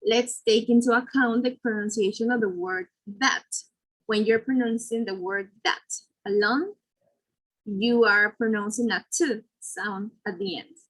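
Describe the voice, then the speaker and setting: A woman's voice: medium pitch, steady tone, measured pace, rough recording. A woman presenting a lesson, explaining step by step with fillers and self-corrections. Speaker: student presenter.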